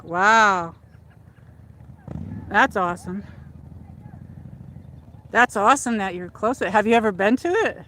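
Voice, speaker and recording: Brief: woman host, casual outdoor walk-and-talk stream, mid-pitched, chatty, a bit breathless, phone mic. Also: animated, a little slow, long pauses, fairly bright tone, slight background noise. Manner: chatty and rambling, with many "like"s and restarts. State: a little out of breath from walking. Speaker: livestream host. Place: outdoors, walking by a lake.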